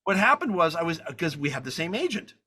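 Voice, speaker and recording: A man in his sixties, a film director as a guest, telling lively anecdotes, acting out quotes and swearing casually. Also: on the high side, fast, husky. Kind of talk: animated anecdote storytelling.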